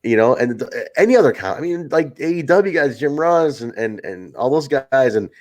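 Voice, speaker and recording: Man, podcast co-host, loose chatty delivery, cursing, bursts of excitement. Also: medium pitch, normal speed. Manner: excitable, swears freely, acts out quotes. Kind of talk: casual wrestling review chat.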